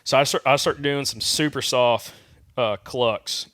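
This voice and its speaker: A man with a Southern American accent, co-hosting a podcast and telling an animated hunting story, imitating turkey calls as he goes. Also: mid-range voice, measured pace, no room sound, studio quality. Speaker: podcast co-host. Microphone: studio microphone.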